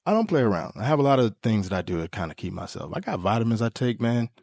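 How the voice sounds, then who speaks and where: Podcast host dude riffing comedy bits, super lively pitch, dry close mic. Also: male voice, fast, dry recording. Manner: animated, joking, with sudden jumps into high squeaky tones. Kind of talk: comedic monologue.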